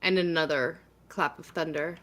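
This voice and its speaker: A woman runs a live tabletop horror game. Her voice is bright and a touch low, and she lays out the scene slowly for atmosphere. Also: steady tone. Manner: slow, atmospheric narration with laughs. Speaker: game master.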